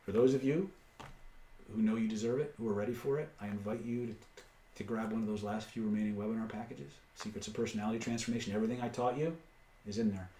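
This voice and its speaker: A man hosting a live webinar, pitching course packages, reading out prices and answering chat questions with blunt asides. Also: fairly even intonation, fast talker, dark tone, roomy sound. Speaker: webinar host and seller.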